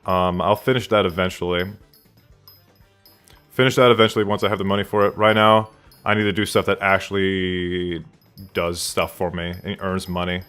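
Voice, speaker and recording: A man's voice: deep voice, flat delivery, normal speed, a bit bright, clean tone, soft background music. A man streaming a game live from his room at home, rambling casually and answering chat questions aloud.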